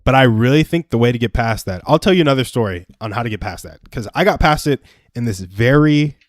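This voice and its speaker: A man's voice: mid-range voice, lively intonation, fast talker, no room sound, studio quality. A young man hosting a livestream, telling a personal story in earnest, chatty advice talk. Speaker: livestream host. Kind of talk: casual advice chat.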